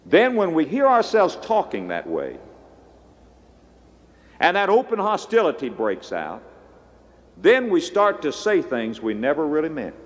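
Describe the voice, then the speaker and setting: Dramatic preaching man in an echoing hall. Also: on the high side. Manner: dramatic preaching with sudden swings between hushed and loud. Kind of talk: sermon. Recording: long echo of a large hall.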